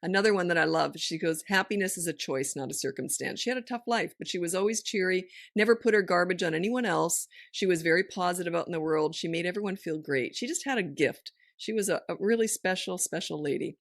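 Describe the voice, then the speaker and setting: Woman podcast host, middle-aged, frank and lively, dry studio sound. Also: lowish voice, no room sound. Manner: frank, lively storytelling with quick asides. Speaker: parenting coach and podcast host. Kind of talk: casual podcast chat.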